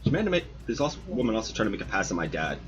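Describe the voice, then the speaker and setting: Profane man spinning lively stories. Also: on the low side, very fast, muffled recording, music in the background. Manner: profane, animated storyteller. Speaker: host of a model-building stream. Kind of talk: casual storytelling chat.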